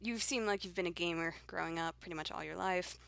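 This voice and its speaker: A woman's voice: on the low side, quick pace, creaky, fairly bright tone, no room sound. A young woman hosting a casual podcast chat, playful and teasing, laughing often. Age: young adult. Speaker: podcast host.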